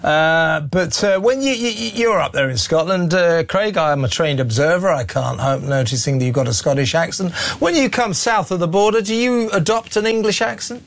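Mocking talk show host, higher-pitched man. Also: normal speed, creaky, few pauses, no room sound. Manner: mocking, incredulous, lots of fillers. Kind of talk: opinionated broadcast talk.

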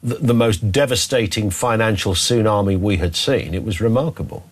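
A man hosting a radio phone-in, chatty and animated, laughing often as he talks with callers. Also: lowish voice, normal speed, breathy edge. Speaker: radio talk show host.

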